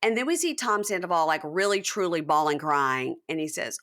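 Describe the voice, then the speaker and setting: A woman's voice: brisk, few pauses. A woman hosting a podcast, recapping a reality show in casual chat and acting out quotes with big jumps in her voice. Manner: animated, acts out quotes with big pitch jumps. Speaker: podcast host.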